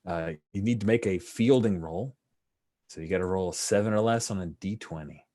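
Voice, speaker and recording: A man's voice: deep voice, fairly quick. Laid-back man running a tabletop baseball game. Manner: relaxed, chatty, full of fillers, commentator flourishes. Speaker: game master. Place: online call with screen sharing.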